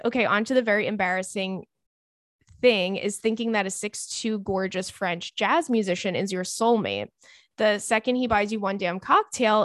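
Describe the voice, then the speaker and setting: A woman hosting an advice podcast, reading listener mail aloud with playful, slangy commentary. Her voice sits in a middle pitch, and the recording is dry and close with no room sound. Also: no echo. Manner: animated, playful, chatty slang. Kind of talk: reading and reacting to listener email.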